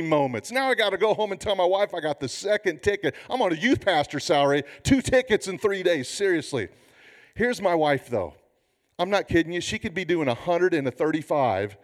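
A man in his fifties, a pastor preaching a sermon with humorous, animated storytelling. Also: high voice, moderate pace.

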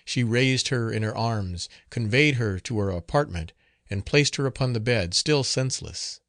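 A man narrating a gothic novel as an audiobook, reading in a measured, solemn manner. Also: mid-range voice, a bit bright, no echo, studio quality.

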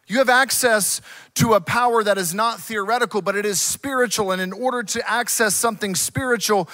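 A man's voice: sits high, pushed and bright. A man in his forties, a pastor who preaches a conversational, earnest sermon full of stories.

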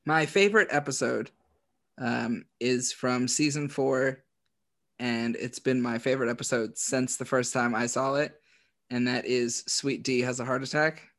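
A man chatting casually as a podcast co-host, laughing as he retells scenes in quick quoted voices. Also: mid-range voice, fairly even intonation, fairly bright tone. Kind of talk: casual chat.

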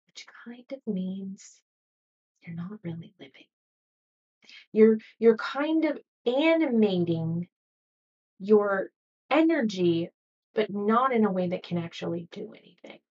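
A woman hosts a motivational podcast in a soft, coaching way and now and then acts out an anxious inner voice. Her voice sits at a middle pitch. It is heard from a little way off the mic, and the recording sounds dull and muffled. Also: distant mic. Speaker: podcast host. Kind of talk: motivational solo podcast talk.

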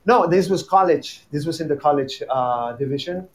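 A man who teaches tango, telling stories in a casual chat, animated and laughing often, repeating his words. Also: on the high side, moderate pace.

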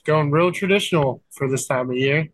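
A man's voice: on the high side, moderate pace, no echo. A man appearing as a guest on a casual podcast, playfully riffing jokes with the hosts. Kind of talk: casual chat over beers.

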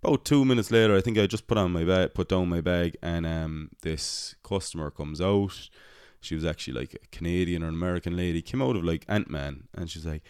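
A man's voice: deep voice, a little fast, darkish tone, clear, resonant tone, dry recording, studio quality. A young man telling a rambling, casual story about his cinema job. He swears often and pokes fun at himself. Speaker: podcast host, cinema worker.

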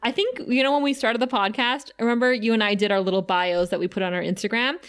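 A woman co-hosting a casual podcast recap, her voice sitting a little high. She retells scenes with animated energy and bursts of laughter, clearly having fun with the material. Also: fast. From outside the United States. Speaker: podcast co-host.

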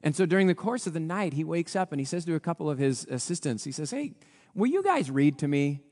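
A pastor preaches a storytelling sermon, his fairly high, slightly mellow voice swinging widely as he acts out each character's lines. Very animated and fast-talking, he lets his pitch leap and drop with the drama. A long reverb trails every phrase, as in a church hall.

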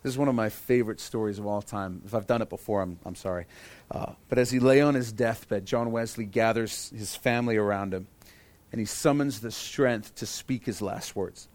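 A man's voice: lowish voice, normal speed, a little mellow, no room sound. A man preaching a sermon as pastor, earnest and repeating key phrases for emphasis.

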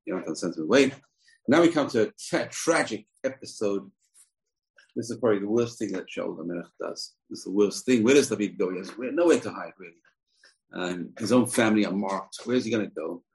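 Man, deep voice, religious lesson, animated storytelling, acts out quotes. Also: fairly quick, low-quality recording. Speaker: religious teacher. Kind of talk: retelling a scripture story in a lesson.

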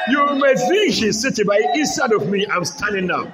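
A man's voice: high voice, expressive, moderate pace. A man preaching a sermon to a church congregation, calling out for responses and repeating his lines. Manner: repetitive call-and-response exhortation. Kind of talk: shouted sermon. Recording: loud crowd and noise in a live church.

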